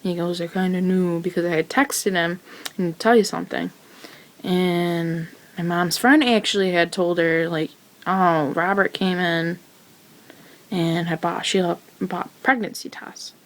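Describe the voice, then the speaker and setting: A woman's voice: on the low side, fairly even intonation, measured pace. A teenage woman telling her own story in a rambling, casual way, full of fillers and restarts. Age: teens.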